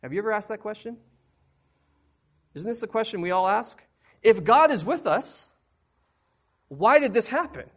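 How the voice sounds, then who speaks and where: A male preacher with a fairly high voice delivers a sermon to his congregation. He talks in a conversational, emphatic way, asking rhetorical questions and sharing personal struggles openly. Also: animated, normal speed, pauses often, a bit bright.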